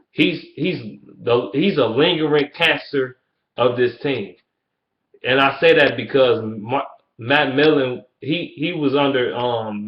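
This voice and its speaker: Angry, profane man ranting. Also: medium pitch. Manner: profane, heated, repetitive ranting. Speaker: sports fan vlogger. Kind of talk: angry fan rant. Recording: roomy, dull lo-fi sound.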